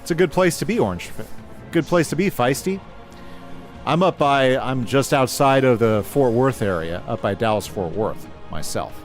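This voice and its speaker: A man's voice: mid-range voice, expressive, moderate pace, soft background music. A man casually chatting with his live chat while playing a game, reading comments aloud and talking through his moves. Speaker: gaming livestreamer.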